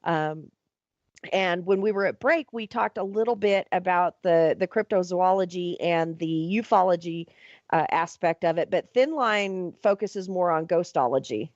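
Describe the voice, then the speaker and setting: An upbeat woman hosts a radio talk show in a fairly low voice, chatting casually and laughing often. The sound is dry and a little muffled, like a radio broadcast. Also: normal speed, a little mellow, no echo.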